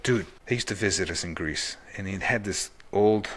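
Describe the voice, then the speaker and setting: A man's voice: sits low, moderate pace, fairly bright tone. A man hosting a podcast, chatting casually and rambling through personal anecdotes. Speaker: podcast host. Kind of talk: casual conversation.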